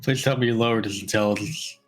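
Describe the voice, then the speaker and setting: A man's voice: lowish voice, fairly even intonation, quick pace, faint music behind, rough recording. A man playing in a tabletop game, arguing and pressing another player's character.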